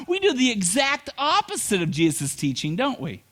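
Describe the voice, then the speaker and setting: A middle-aged man preaching from the pulpit in a notably high voice that leaps wildly up and down. He tells humorous stories and delivers them with animated energy. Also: unhurried. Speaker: pastor. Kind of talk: sermon.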